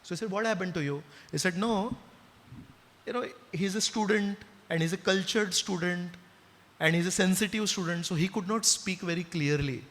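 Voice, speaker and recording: A man's voice: high-pitched, normal speed. A man with an Indian accent gives a devotional talk, telling a story and asking his listeners questions. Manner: animated storyteller, asks the audience questions. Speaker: spiritual speaker. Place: temple hall with listeners. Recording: long reverb of a hall.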